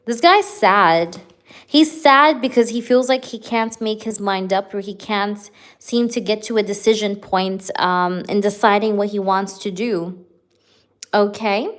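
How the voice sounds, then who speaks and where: A woman's voice: medium pitch, measured pace. Young woman, live-stream tarot reader, casual and chatty with lots of fillers, addressing viewers directly. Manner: chatty, filler-heavy, talks straight to viewers.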